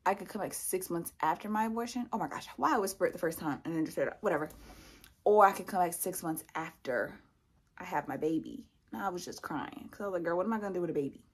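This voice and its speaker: With a lowish, breathy-edged voice and a brisk pace, this young vlogger recounts something that happened to her. She animatedly voices the other people in the story, performing their lines herself.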